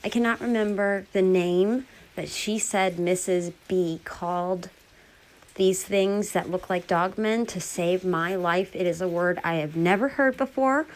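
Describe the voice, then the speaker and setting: A woman casually retelling a bizarre encounter in a chatty, animated way, full of quoted dialogue. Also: lowish voice, unhurried. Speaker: storyteller.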